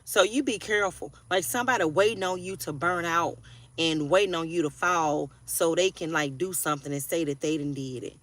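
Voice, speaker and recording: A woman's voice: lowish voice, fairly quick, fairly bright tone. A woman in her forties giving a casual tarot reading, blunt and profane, preaching and often asking if you hear her. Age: 40s. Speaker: tarot reader.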